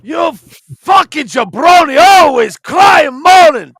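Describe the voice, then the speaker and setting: A hollering old wrestling villain spits insults in broken English, voice pushed high and hard, as a man puts him on. The sound is close and dry, with no room around it. He rants without pause. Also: animated, dry recording, full character voice. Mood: ranting. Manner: shouting, insult-spitting rant with broken English. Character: ranting old wrestling villain, male, accented, profane. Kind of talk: comedic impression on a podcast.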